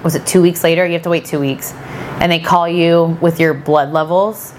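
A woman in her thirties, a podcast guest, telling a personal story in a chatty, animated way and acting out what people said. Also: on the low side, normal speed, a little hiss or hum. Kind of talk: casual storytelling chat.

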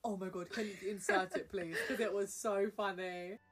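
A young woman hosting a podcast, chatting playfully and excitably. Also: mid-range voice, normal speed, faint music behind. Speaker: podcast host. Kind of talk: casual chat.

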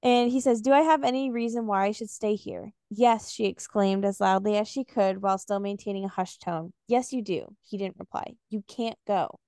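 A woman's voice: medium pitch, moderate pace, few pauses, mellow, smooth, no echo, studio quality. Podcast woman reading a novel aloud. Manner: recaps and reads passages aloud with fillers. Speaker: podcast co-host.

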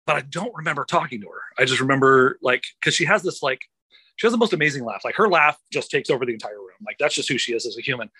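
A man's voice: mid-range voice, expressive, fast, bright, forceful tone, husky, no room sound, rough recording. A man co-hosting a podcast, telling a rambling story in casual chat, laughing and swearing freely. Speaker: podcast co-host. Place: outdoors by traffic.

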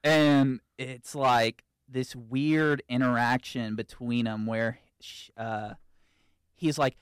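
A man's voice: mid-range voice, fairly even intonation, takes it slowly, clean tone, no room sound, studio quality. A man in his twenties chatting casually on a podcast, telling stories and acting out quotes. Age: 20s. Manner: storytelling, acts out quotes. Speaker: podcast co-host. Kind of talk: casual chat.

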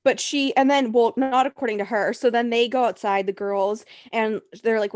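A woman's voice: medium pitch, a little fast, no room sound, studio quality. A young woman co-hosting a podcast, recapping a reality show in blunt, profane casual chat. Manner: blunt, profane, animated retelling. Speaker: podcast co-host.

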